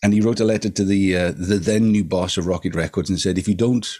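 An older man, a singer-songwriter, reflecting in casual chat, gently rambling with many "you know"s. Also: sits low, steady tone, quick pace.

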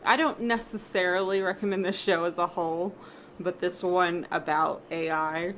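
A woman co-host in a casual panel chat, opinionated and amused, quick to jump in. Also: on the low side, steady tone, fairly bright tone, a little hiss or hum.

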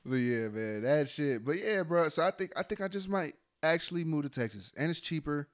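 A young man in casual chat, laid-back and slangy, often trailing off into a quiet mumble. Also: a little high, expressive, fairly quick.

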